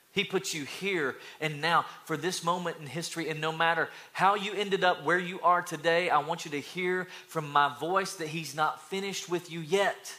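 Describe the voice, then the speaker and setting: A male pastor preaching an energetic sermon, calling out to the congregation and building to loud, fired-up passages. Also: fairly high pitch.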